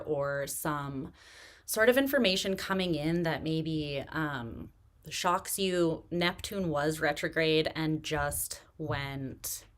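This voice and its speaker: Speaking in a low voice, this tarot live-stream host keeps the chat loose and meandering, with plenty of filler words. Pneumonia is still lingering, so she takes it slowly and stops to get her breath back.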